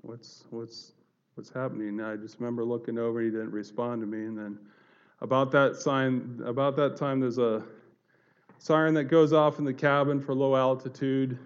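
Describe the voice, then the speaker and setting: A man giving a personal testimony to an audience, telling it in an earnest, halting way with many fillers and restarts. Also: medium pitch, level tone, clean tone, highs cut off. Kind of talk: earnest spoken storytelling to an audience.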